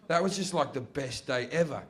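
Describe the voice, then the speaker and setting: A man's voice: mid-range voice, a little fast. A young man doing profane stand-up storytelling, acting out his family's voices. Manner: profane, animated, acts out family members' voices. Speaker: stand-up comedian. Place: comedy stage before a live audience.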